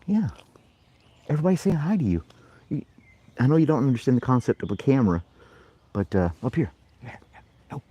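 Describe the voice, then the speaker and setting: Male host, casual live chat, playful dog talk, breathless, very lively pitch. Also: brisk, pauses often, husky, dry recording, muffled recording. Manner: playful baby-talk to his dog, high and loud.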